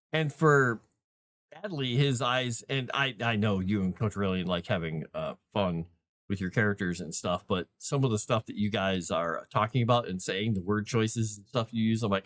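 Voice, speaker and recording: A man's voice: lowish voice, fairly bright tone, no echo, studio quality. A man chatting casually on his livestream, rambling with many fillers and restarts as he talks about running tabletop games. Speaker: livestream host and game master.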